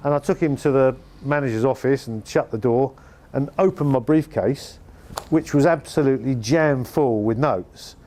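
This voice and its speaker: A man's voice: mid-range voice, moderate pace, dark tone. A man with an English accent, a former band manager and music promoter, telling anecdotes in a wry, dryly humorous way. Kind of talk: anecdotal storytelling interview.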